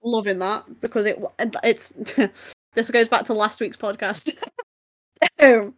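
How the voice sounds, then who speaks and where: A woman's voice: medium pitch, steady tone, slow pace, a bit bright, no room sound. A young woman co-hosting a podcast in casual chat, chatty and laughing often. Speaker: podcast co-host.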